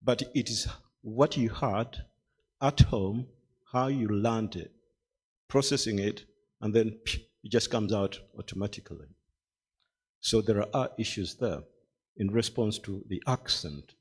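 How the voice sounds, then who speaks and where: An older man giving a measured, deliberate speech to an audience, posing rhetorical questions. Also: on the low side, breathy edge. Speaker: festival speaker. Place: literary festival hall.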